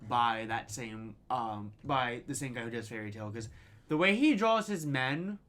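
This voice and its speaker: Bright-voiced man chatting casually. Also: mid-range voice, expressive, a little slow. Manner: rambling, profane, enthusiastic. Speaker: podcast co-host. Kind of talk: casual chat.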